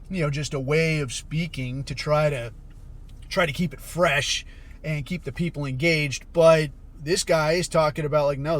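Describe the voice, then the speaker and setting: Blunt, foul-mouthed man ranting. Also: on the high side. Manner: profane, blunt, sarcastic. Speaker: podcast host. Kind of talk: casual commentary rant.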